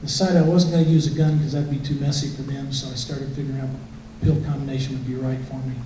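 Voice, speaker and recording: A middle-aged guest speaker with a mid-range, fairly flat voice talks fast as he shares his personal testimony with a congregation. He tells his story plainly and conversationally, acting out the quotes. The recording sounds distant in an echoey hall, with faint noise.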